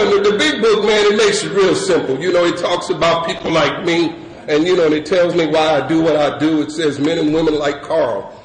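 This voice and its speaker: Animated storytelling man in an echoey hall. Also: fairly high pitch. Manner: animated, loose storytelling full of "you know" and "man". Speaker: recovery meeting speaker. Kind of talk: storytelling talk to a meeting. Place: meeting hall with an audience. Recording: echoey room with audience and background noise.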